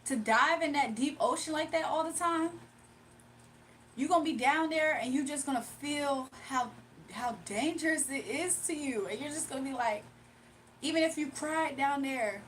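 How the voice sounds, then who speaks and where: A high-pitched woman chats with her livestream viewers in a loose, animated way, laughing often as she talks. She sits a little back from the mic, and a faint hum of noise runs under her voice. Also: normal speed, recorded from a distance, low-quality recording. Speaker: livestream host. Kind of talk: casual livestream chat.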